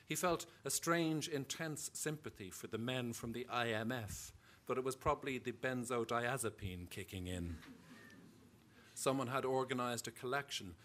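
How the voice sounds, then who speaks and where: With a medium pitch and a slightly bright tone, an Irish author reads from his own fiction at a live event. His delivery is measured, like a storyteller's.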